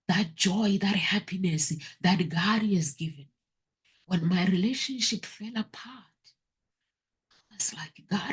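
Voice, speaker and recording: A woman hosts her own show and tells viewers her personal story. She talks slowly in a breathy, husky voice that often falls toward a whisper. When she recalls crying, her pitch climbs high. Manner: emotional, pitch rising sharply when recounting crying. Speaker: talk show host.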